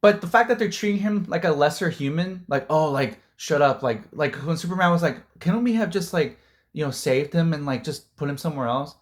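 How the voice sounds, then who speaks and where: A man ranting about a film in a loose, heated way, his voice sitting a little higher than most men's. He rambles, circles back on himself and leans on "like" and "dude" as he goes. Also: expressive, fairly quick. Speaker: movie reviewer. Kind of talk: casual opinion rant.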